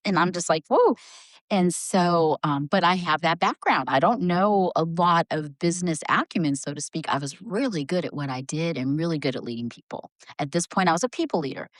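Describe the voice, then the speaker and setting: Animated lower-voiced woman telling a story. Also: no echo. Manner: animated, acts out voices in her stories. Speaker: HR leader, guest. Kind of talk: conversational storytelling.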